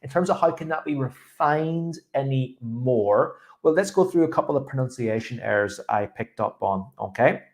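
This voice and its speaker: A man's voice: medium pitch, animated, moderate pace, hardly any pauses. A young man, an English speaking teacher, giving encouraging feedback after a mock test and modelling the right pronunciation.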